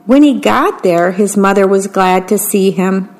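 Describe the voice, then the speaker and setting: A woman reads children's bedtime stories at a slow, gentle pace. She describes each picture as she goes, in the calm manner of a volunteer radio reader. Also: medium pitch. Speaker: volunteer reading-service broadcaster.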